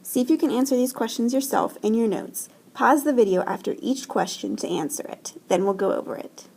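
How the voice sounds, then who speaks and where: A woman teacher recording a voice-over French lesson, explaining in English slowly and carefully and modelling French phrases aloud. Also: on the high side, expressive, creaky, a little mellow, husky. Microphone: screen-recording voice-over.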